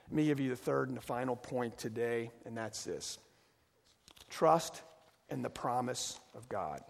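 Man preaching, gravelly, husky voice, long echo of a church hall, folksy, emphatic. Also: medium pitch, measured pace. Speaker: pastor. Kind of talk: sermon.

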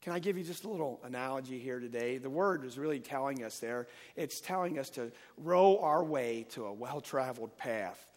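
A man preaching a Sunday-morning sermon, emphatic and rising and falling in loudness as he reads and explains scripture. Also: mid-range voice, expressive, moderate pace, few pauses, long reverb tail. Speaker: pastor.

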